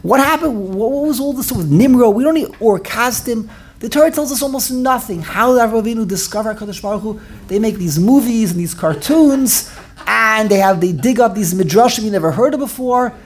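A woman's voice: fairly high pitch, expressive, a little fast, breathy edge. A woman teaching a Bible class in an earnest, explaining way, often repeating and restarting her phrases. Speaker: Torah teacher.

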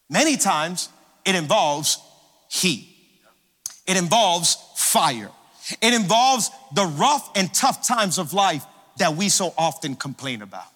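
A male pastor preaching in a church sanctuary, his high voice rising into a rhythmic, sing-song cadence. He calls out to the congregation for responses. His bright tone rings through a long hall reverb. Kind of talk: sermon.

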